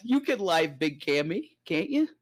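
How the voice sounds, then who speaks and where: Male livestreamer, slow-talking and preachy, slightly high voice, theatrical delivery. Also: big pitch swings. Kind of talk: rambling livestream rant.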